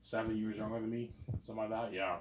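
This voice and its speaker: A man's voice: on the low side, level tone, fast talker, a little hiss or hum. Rambling man in an echoey room. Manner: repeats "obviously" and "man", chatty and self-assured. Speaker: vlogger. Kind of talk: casual rambling monologue. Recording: roomy echo.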